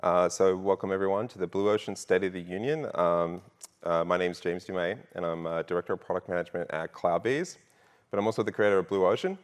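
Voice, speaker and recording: Deep-voiced Australian man on stage. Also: fast talker. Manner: jokey, audience-rousing, frequent fillers. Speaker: conference speaker. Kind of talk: conference keynote talk. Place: large conference hall.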